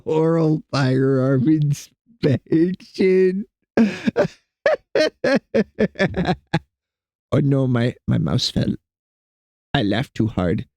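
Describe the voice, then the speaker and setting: Casual guy streaming from home, bit high voice, bouncy and jokey, talks to his cats. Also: very animated, drawn-out words, long pauses, darkish tone, no echo. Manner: rambling, joking, chatting to his cats. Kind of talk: casual live-stream chat. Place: home computer desk.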